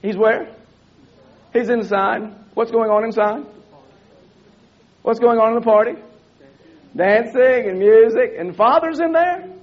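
A man's voice: very high voice, unhurried, long pauses. A male preacher delivering a sermon with emphatic repetition and rhetorical questions. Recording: dull lo-fi sermon recording.

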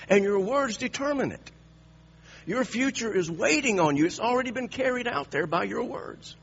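A man's voice: high-pitched, breathy edge, muffled recording. A man preaching a sermon, emphatic and repetitive, restarting phrases as he drives each point home.

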